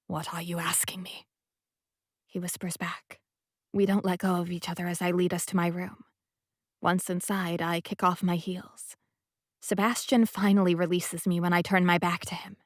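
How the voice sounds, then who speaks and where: A woman narrating a first-person romance audiobook in a soft, intimate and often whispery voice. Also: on the low side, dry recording, studio quality.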